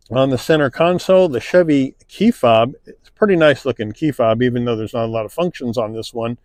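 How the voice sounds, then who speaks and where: A man narrating a car review, calmly listing interior features one by one, recorded inside a car. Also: mid-range voice, dry recording. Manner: relaxed, plain-spoken, listing features one by one.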